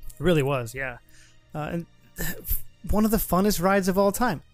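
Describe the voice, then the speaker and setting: A man co-hosting a casual podcast, chatty and quick to laugh, with frequent restarts. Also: high-pitched, animated, faint music behind. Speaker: podcast co-host. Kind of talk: casual chat.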